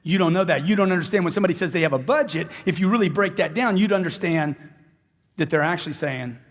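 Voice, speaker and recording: A man's voice: sits high, fast talker. A man giving a motivational speech to a live audience, talking emphatically, repeating lines for effect and acting out conversations. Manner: animated, repeats lines for emphasis and acts out dialogues. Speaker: motivational speaker. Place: large hall with live audience. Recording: long hall reverb from a stage.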